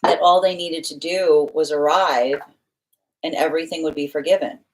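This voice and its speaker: A woman with a fairly low voice gives a live tarot reading to her viewers. She rambles in long run-on sentences packed with fillers and restarts, and she slips into the voices of the people she describes. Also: steady tone, normal speed. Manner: rambling, many fillers and restarts, acts out what others say. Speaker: tarot reader.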